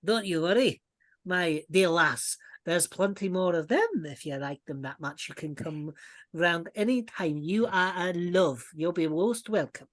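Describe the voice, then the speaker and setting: A woman's voice: fairly low pitch, a little slow, dry recording, natural voice. A woman voicing a chatty, homely female dwarf with an affectionate manner. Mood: friendly.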